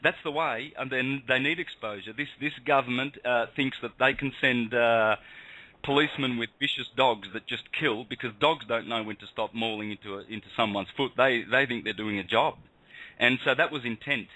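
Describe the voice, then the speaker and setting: A man's voice: medium pitch, moderate pace, pushed and bright, no echo, low-quality recording. A man from Australia hosting a talk radio show, ranting with fiery passion.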